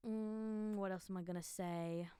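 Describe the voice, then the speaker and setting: A woman's voice: mid-range voice, steady tone, unhurried, dark tone, smooth, no echo. A young woman telling her faith story in a casual, candid vlog, with lots of filler words. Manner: chatty and candid, many "like" fillers, laughs easily. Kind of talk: casual spoken testimony.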